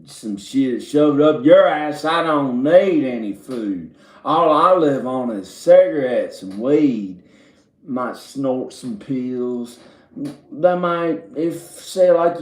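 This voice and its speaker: Slow-talking man rambling in a roomy echo. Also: mid-range voice, a little mellow. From Virginia, US. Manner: meandering, profane, laughs at his own jokes. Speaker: comedic storyteller. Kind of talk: rambling comedic monologue. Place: indoor room with drum set and speakers.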